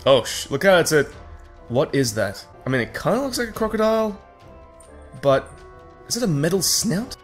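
A man's voice: on the high side, animated, moderate pace, pauses often, soft background music. A man hosting a let's play, giving sarcastic, swearing running commentary on a game as he plays it. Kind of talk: gameplay commentary.

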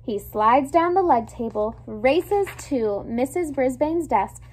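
A woman reads a children's chapter book aloud in a high voice. Her storytelling is expressive and lively, leaning into each scene. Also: slow, husky. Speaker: storybook reader.

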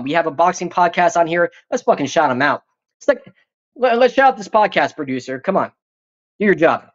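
A man's voice: sits high, lo-fi sound. A man hosting a live stream, reading viewer comments in a profane, rambling, joking way.

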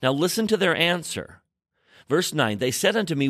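In clean studio sound with no room ambience, a man with a fairly high, fairly bright voice hosts a scripture study podcast at normal speed. He's very animated and emphatic, reading verses aloud and rereading them to stress key words as he explains.

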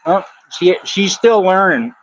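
A man's voice: high voice, expressive, slow pace, a bit bright, dry recording, highs cut off. A man fishing on a pontoon boat, answering in an easygoing, offhand way from a little away from the mic. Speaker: fishing companion. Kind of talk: casual chat.

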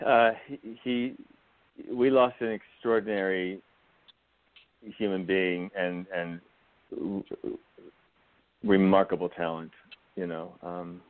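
A man speaks in a lowish voice down a thin, phone-like line. He is a guest in a radio interview, reflective and heartfelt, pausing and restarting as he gathers his thoughts. The call audio is narrow and boxy. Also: fairly even intonation. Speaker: guest actor and writer.

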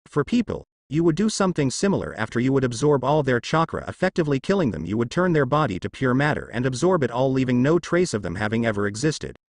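A man voicing a shy young woman goddess who stutters, speaking gently and politely. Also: medium pitch, very animated, fast talker, hardly any pauses, no echo.

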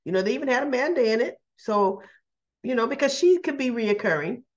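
A woman hosting a casual soap opera recap, chatty and quick to act out the characters' lines with little laughs. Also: a little high, lively intonation, muffled recording. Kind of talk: casual chat.

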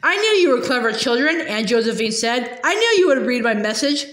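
Fretful, grammar-obsessed old aunt, high and prim; woman reader puts her on; roomy sound. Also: sing-song, fairly quick, a bit bright. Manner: whiny, prim, scolding. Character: fussy fearful older aunt, grammar-obsessed. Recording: roomy echo.

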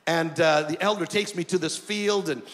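A high-pitched male preacher tells a story from the pulpit and voices the people in it with animated energy. His words ring out with a long reverb that fills a big church hall. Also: moderate pace. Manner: animated, acts out dialogue in his stories. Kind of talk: storytelling sermon.

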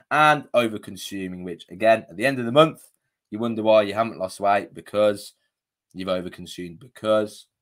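A man coaching viewers on a live video, chatty and casual, often checking in with "okay?", his voice a bit worn. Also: on the low side. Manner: chatty, punctuates with "okay?" and "you know". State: slightly losing his voice. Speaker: diabetes coach.

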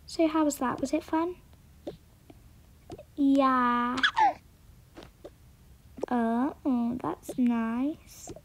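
A woman's voice: high voice, drawn-out words, long pauses, noisy background. A woman vlogger talking through a role-play to her viewers, often dropping to a whisper.

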